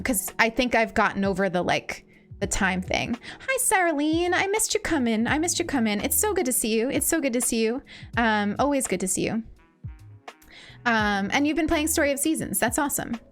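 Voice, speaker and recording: A young woman streaming a cozy game, chatting gently and warmly greeting viewers, often saying things twice. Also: on the high side. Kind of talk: cozy casual chat while gaming. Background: faint game music.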